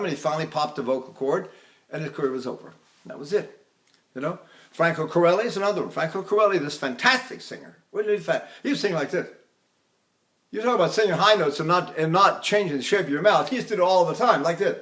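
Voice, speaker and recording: An older man giving a voice lecture, animated and breaking into sung demonstrations. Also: fairly high pitch, fast. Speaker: voice teacher.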